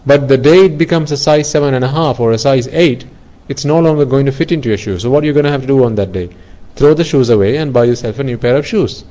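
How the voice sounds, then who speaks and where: A man with a warm, mellow voice gives an earnest Buddhist dharma talk. He explains his points with everyday examples, restarting and repeating phrases as he goes. His pitch sits at an ordinary middle level for a man. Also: quick pace, hardly any pauses, low-quality recording. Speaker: Buddhist teacher.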